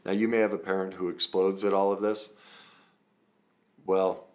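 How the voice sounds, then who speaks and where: A man's voice: low-pitched, little pitch movement, moderate pace, darkish tone. A man, a trauma recovery coach, teaching through personal stories in an earnest, conversational way with frequent ums and self-corrections.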